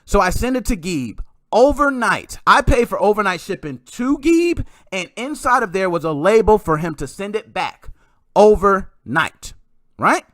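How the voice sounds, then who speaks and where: A man hosting a podcast, telling a story in a casual, excitable way with some mild swearing. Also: high-pitched, measured pace, dry recording, clean studio sound. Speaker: podcast host.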